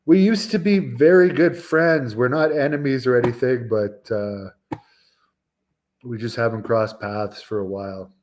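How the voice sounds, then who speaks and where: Guy in his 40s doing a casual stream, answers chat, rambles a lot, um uh, average pitch. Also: a little slow, darkish tone. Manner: rambling, chatty, with frequent fillers and restarts. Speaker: wrestling show host.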